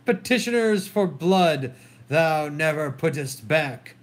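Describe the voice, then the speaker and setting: Man reads furious mourning queen, slow declaimed verse, highish. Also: expressive. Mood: bitter. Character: grieving furious queen, a woman. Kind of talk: solo dramatic reading of a play.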